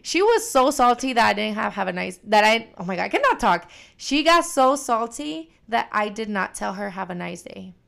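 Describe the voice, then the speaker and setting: Gravelly young woman, foul-mouthed storyteller. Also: on the high side, moderate pace. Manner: animated storytelling, heavy swearing. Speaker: podcast co-host. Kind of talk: casual chat.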